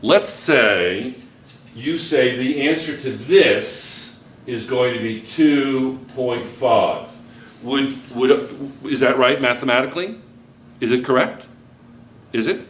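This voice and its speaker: A man's voice: medium pitch, lively intonation, slow pace, long pauses, a bit bright, a little hiss or hum. A male chemistry teacher, giving a joking classroom lecture and constantly checking in with students.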